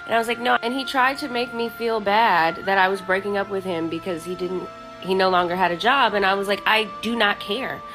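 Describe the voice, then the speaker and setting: A woman's voice: mid-range voice, steady tone, a little fast, over music. A woman telling a personal story in a blunt, sassy, profane way. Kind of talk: casual storytelling.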